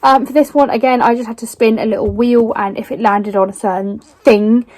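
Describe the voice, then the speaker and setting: A young woman gushing excitedly about books she bought and won in a casual vlog. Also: on the high side, brisk, no room sound. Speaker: book vlogger.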